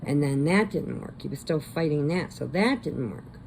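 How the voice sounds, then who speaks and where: A woman's voice: sits low, lively intonation, moderate pace, darkish tone, slight background noise. A woman vlogger casually recapping a movie, rambling and chatty, laughing often.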